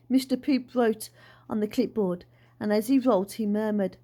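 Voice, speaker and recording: A woman reading a children's storybook aloud in an expressive, unhurried way. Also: on the high side. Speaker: storybook reader. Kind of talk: children's book read-aloud.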